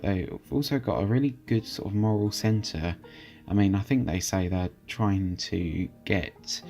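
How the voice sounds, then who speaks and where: Chatty young man with a low voice. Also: a little mellow. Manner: chatty, hesitant, many fillers and restarts. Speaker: channel host reviewing software. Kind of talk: casual screen-recorded commentary.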